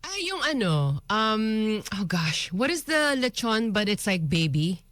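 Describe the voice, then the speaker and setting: A woman's voice: medium pitch, sing-song, unhurried, a bit bright, dry recording. A woman co-hosting a radio show, chatty and easygoing, laughing often. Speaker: radio co-host. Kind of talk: casual radio banter. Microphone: studio microphone.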